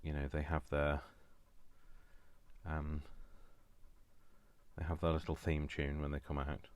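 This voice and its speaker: A man with a remarkably deep, low voice talks his viewers through a crafting project at home. He rambles cheerfully, pokes fun at himself and fills pauses with ums. The recording is close and dry, with no room echo. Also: completely flat delivery, darkish tone. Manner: rambling, self-deprecating, many fillers. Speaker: craft video host. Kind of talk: chatty live crafting demonstration.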